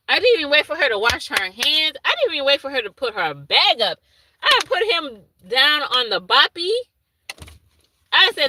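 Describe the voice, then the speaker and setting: A woman who works as an infant daycare teacher, casually telling a story to the camera, animated and laughing, acting out what she said to the babies. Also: high voice, normal speed, a little hiss or hum, rough recording. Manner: animated, laughing, acts out her own asides in dialect.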